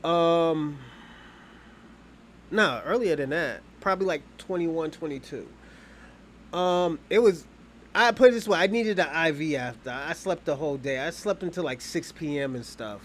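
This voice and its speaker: A man's voice: fairly high pitch, moderate pace, a bit bright, slight background noise. A man hosting his own channel, telling a casual, rambling story in loose, profane slang. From Boston, US. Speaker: channel host.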